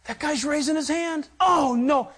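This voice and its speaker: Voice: sits high, a little slow, a bit bright, voice pushed up. A preacher putting on a fussy, panicked God who does not want a sinner, mocking the idea with a half-laughing, exaggerated delivery. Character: panicked reluctant God, fussing aloud.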